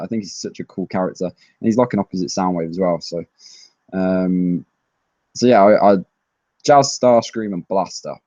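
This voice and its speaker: A young man casually answering viewer questions on a live stream, rambling with excitable fan chatter. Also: fairly low pitch, dry recording. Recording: dry, slightly dull lo-fi mic.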